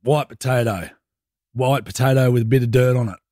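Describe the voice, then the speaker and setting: A man's voice: medium pitch, steady tone, brisk, warm tone, dry recording, clean studio sound. A man hosting drive-time radio, bantering and teasing his co-hosts. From Australia. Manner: teasing, playful. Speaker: radio host. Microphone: studio microphone.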